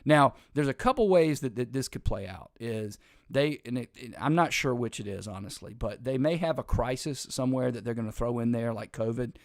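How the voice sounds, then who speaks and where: A man's voice: medium pitch, fairly quick, no room sound, clean studio sound. A man hosting an opinionated political commentary show, talking emphatically and in a rambling way, with frequent restarts and sarcastic asides.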